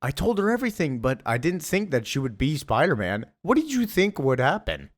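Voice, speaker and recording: A man putting on high-pitched pleading Mary Jane. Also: wildly swooping pitch, brisk. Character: teenage woman, motherly, soothing.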